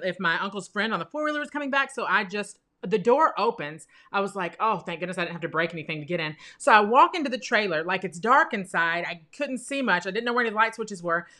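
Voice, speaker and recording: A young woman telling a personal story in a lively way, laughing often and acting out what people said. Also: mid-range voice. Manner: animated, laughing often, acts out quoted voices.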